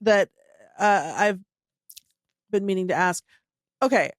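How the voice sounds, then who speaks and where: A woman's voice: mid-range voice, dry recording, studio quality. A woman co-hosting a podcast in casual chat, chiming in often and telling stories with animation. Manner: quick agreeing interjections, animated. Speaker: podcast co-host.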